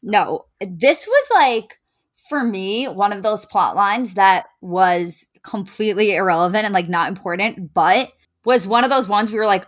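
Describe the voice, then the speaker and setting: A woman's voice: mid-range voice, normal speed, fairly bright tone. Chatty young woman analyzing a show. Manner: talkative, analytical, heavy use of "like". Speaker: podcast co-host. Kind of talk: casual chat recapping a reality show.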